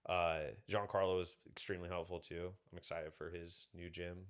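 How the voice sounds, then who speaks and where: A man's voice: sits low, flat delivery, normal speed, clear, resonant tone. A man talking casually on a podcast, rambling through stories with lots of fillers. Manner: rambling, filler-heavy storytelling. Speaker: podcast guest.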